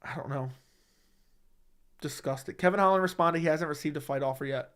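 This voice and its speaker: A man's voice: fairly high pitch, moderate pace, fairly bright tone, clear, resonant tone. A young man hosting a livestream who reads viewer comments aloud and answers them bluntly, swearing often. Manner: blunt and profane, talks back to chat. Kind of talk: casual livestream chat. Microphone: studio microphone at a desk.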